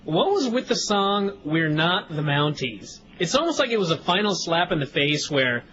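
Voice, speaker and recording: A male radio co-host jumping in with quick, conversational questions. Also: sits high, very animated, sharp tone. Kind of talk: casual interview. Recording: muffled radio broadcast with faint hiss.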